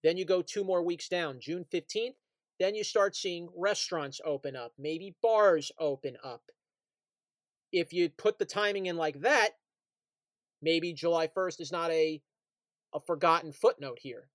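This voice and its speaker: A man's voice: on the high side, a little slow, no echo. A man co-hosting a casual sports podcast, reading out news items and talking it over with an easy laugh. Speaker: podcast co-host.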